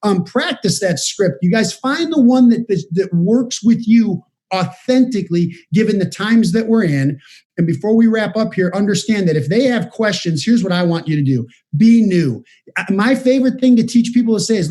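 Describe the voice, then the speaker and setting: A man with a rather high voice leads a motivational business training over a video call. He talks with energy and speaks straight to his listeners, coaching them step by step. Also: normal speed. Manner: energetic, direct, coaching the audience. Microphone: video call setup.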